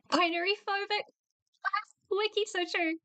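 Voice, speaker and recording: A woman's voice: extremely high pitch, steady tone, slow, sharp tone, dry recording. A woman hosting a casual livestream reaction chat, crude and teasing, laughing often as she talks over a video. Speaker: streamer host.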